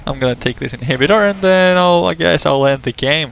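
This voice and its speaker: A man giving profane, excitable commentary over his own gameplay, trash-talking opponents and breaking into laughter and yelps. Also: a little fast, gravelly, slight background noise. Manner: frequent laughter and sudden high yelps. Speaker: gamer recording his own match.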